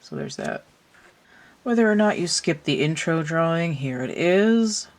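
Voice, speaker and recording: A woman talks through a tarot card reading in a loose, chatty way. She thinks out loud and drifts into side remarks as she goes. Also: low-pitched, wildly swooping pitch, a little slow. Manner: rambling, thinks aloud with asides. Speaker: tarot reader. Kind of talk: casual tarot reading commentary.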